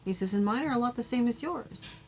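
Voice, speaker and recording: Gentle, chatty woman reading love cards. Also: fairly high pitch, a little fast, rough recording. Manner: gentle, heartfelt, chatty, self-disclosing. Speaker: tarot card reader. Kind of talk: intuitive card reading to camera.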